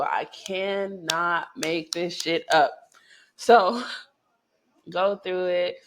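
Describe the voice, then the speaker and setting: A woman vlogger chats straight to her viewers in a loose, profane storytelling style. Her voice jumps up in pitch and volume when she gets excited, then sinks low and quiet for asides. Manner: animated, profane, chatty storytelling with swings in pitch and loudness. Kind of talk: casual storytelling to camera.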